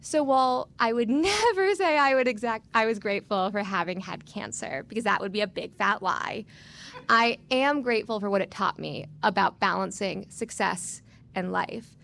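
A woman's voice: mid-range voice, normal speed, vocal fry. A young woman from Florida telling a personal story on stage, candid and self-mocking, acting out the quotes. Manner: animated retelling with voiced quotes.

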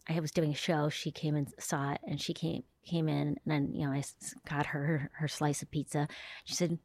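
A woman's voice: low-pitched, creaky, no echo. A woman comedian from Duluth with a Minnesotan accent, chatting in an interview and slipping into voices as she talks. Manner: mimics voices, soft trailing delivery. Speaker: comedian guest. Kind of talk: casual interview chat.

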